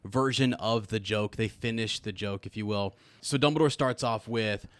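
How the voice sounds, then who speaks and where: A man's voice: on the low side, moderate pace, no echo. A man co-hosting a casual podcast chat, reading jokes aloud, laughing often and stumbling over words. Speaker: podcast co-host.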